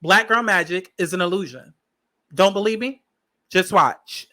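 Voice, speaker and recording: A high-pitched, bright-toned man delivers opinionated podcast commentary. He is blunt and sassy, swears freely, and stretches words out for emphasis. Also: unhurried. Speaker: podcast host.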